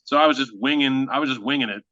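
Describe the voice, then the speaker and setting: Aussie guy spinning a funny story, sharp bright tone, kinda muffled dry audio. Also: mid-range voice, racing, dry recording. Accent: Australian. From Australia. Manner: animated, self-mocking, acts out quotes. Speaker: guest actor. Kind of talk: anecdotal storytelling in conversation.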